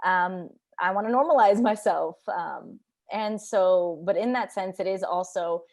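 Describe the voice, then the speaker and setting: A woman's voice: fairly low pitch, unhurried, darkish tone. A woman filmmaker on a video call panel, speaking thoughtfully, searching for words, with casual slang. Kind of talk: reflective panel talk.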